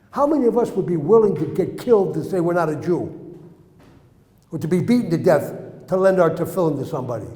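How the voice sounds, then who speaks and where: Earnest high-voiced man teaching in a hall. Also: warm tone. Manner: earnest, acts out dialogue in stories. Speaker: religious teacher. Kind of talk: storytelling lesson to young men. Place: indoor room with young listeners. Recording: roomy hall reverb.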